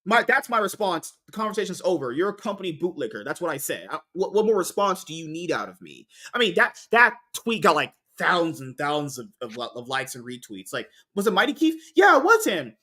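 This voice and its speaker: A man's voice: fairly high pitch, big pitch swings, brisk, few pauses, sharp tone. A man hosting a casual podcast, rambling and swearing, often restarting his sentences. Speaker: podcast host.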